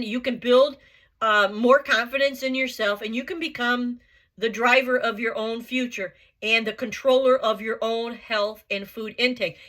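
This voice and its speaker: A woman's voice: fairly high pitch, a bit bright. A woman giving an earnest motivational vlog monologue, blunt and emphatic, repeating her points and swearing casually. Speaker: vlogger.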